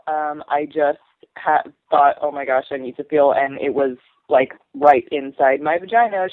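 A woman's voice: a bass voice, dry recording. A woman in her thirties rambles through her story with many ums. Her voice comes through a narrow, tinny phone line. It sounds dry and close. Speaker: guest sharing birth story. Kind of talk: casual podcast conversation.

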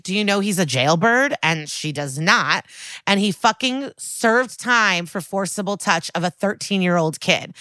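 Woman, podcast co-host, casual recap, bright tense voice, lowish pitch, dry close sound. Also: no room sound. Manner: swearing, lively recap with quoted dialogue. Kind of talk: casual chat.

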